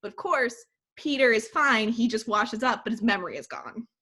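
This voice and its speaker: A podcast co-host with a slightly rough, somewhat high voice animatedly recaps a movie plot in casual conversation at a moderate pace. Her storytelling is stuffed with "like" as a filler.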